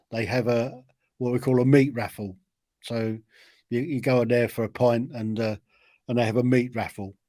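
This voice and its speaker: A man's voice: mid-range voice, warm tone, no echo. A man with a British accent chatting casually on a live stream and joking around. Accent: British English. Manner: jokey, slips into comic put-on accents.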